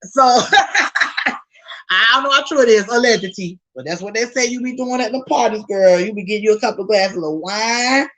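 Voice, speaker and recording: A woman hosting a podcast, chatting casually about celebrity gossip with animated, slangy asides to her listeners. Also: a little high, moderate pace, low-quality recording. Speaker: podcast host.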